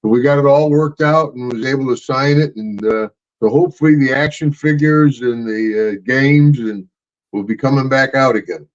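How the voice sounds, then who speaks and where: A man's voice: medium pitch, moderate pace. A man co-hosting a podcast, telling stories in a boisterous way, laughing often and acting out the voices of people in them. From Louisiana, USA. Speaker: podcast co-host, retired wrestler. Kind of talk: casual storytelling chat. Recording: dull lo-fi sound.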